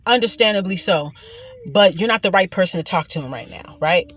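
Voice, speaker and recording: A woman's voice: fairly low pitch, a little fast, a bit bright. A woman host telling a personal story in a casual monologue, blunt and profane, with emphatic repeated asides.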